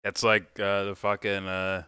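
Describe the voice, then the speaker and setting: A man's voice: on the low side, completely flat delivery, a little slow, bright, forceful tone, clean tone, no room sound. A man hosting a casual livestream, reacting and chatting in a rambling, giggly, profane way. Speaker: livestream host.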